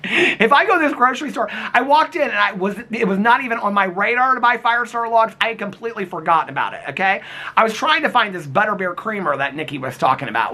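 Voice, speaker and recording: A man's voice: high-pitched, sharp tone. A man vlogging in a casual, chatty way, reading viewer comments aloud and teasing commenters by name, calling them honey and sweetheart. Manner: gossipy, calls people honey and sweetheart.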